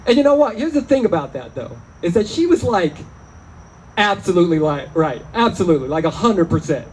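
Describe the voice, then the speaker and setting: Stand-up comic, male, high-pitched and deadpan, self-deprecating delivery, faint ambient noise behind. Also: a little fast, low-quality recording. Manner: deadpan, self-mocking, jumps into quoted voices. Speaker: stand-up comedian. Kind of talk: stand-up comedy set. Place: small venue, live audience.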